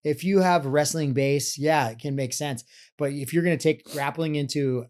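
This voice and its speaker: A man's voice: on the high side, moderate pace, a little mellow. A man hosting a podcast conversation, agreeing often and explaining his points plainly. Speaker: host. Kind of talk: conversational interview.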